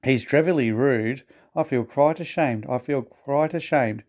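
A man's voice: medium pitch, unhurried, darkish tone, close to an everyday voice. A man doing two prim twittering coaches. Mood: shocked.

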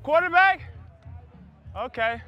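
A young male pro football player wearing a wireless body mic on an outdoor practice field, trading loud jokes and playful trash talk with coaches and teammates. His voice sits very high for a man. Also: animated, takes it slowly, lo-fi sound, a faint crowd. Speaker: pro football wide receiver. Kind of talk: mic'd up banter at practice.

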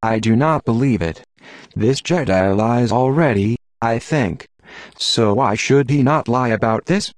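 A man's voice: mid-range voice, unhurried, no room sound, lightly acted. A man voicing a scheming male palace adviser who talks in a silky, insinuating way, in an audiobook.

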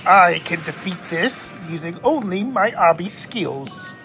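A woman's voice: on the low side, animated, slow pace, fairly bright tone, soft background music. A woman hosting a gaming channel, giving casual, jokey gameplay commentary with lots of exclamations.

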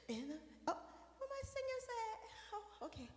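A woman preacher giving a sermon, chatting and joking with the congregation, then building into sung, shouted passages. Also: very high-pitched, sing-song, moderate pace. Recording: echoey hall with music behind.

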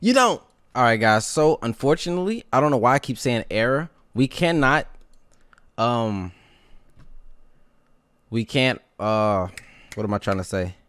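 A young man hosting a live stream in casual, rambling chat, slangy and quick to laugh. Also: mid-range voice, expressive, a bit bright, clear, resonant tone, no room sound. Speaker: streamer host.

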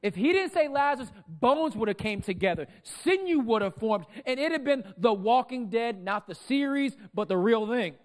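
High, lively-voiced preaching pastor, a man. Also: normal speed, few pauses. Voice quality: loud, projecting voice. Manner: dynamic preaching, swinging from loud declarations to soft asides. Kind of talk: sermon. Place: church sanctuary. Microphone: microphone.

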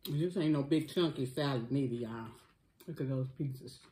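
A woman's voice: very deep voice, moderate pace, warm tone, slight background noise, poor audio. A woman chatting casually to viewers while eating, laughing a lot. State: coughing, choked up. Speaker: cooking vlogger. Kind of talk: casual food challenge chat.

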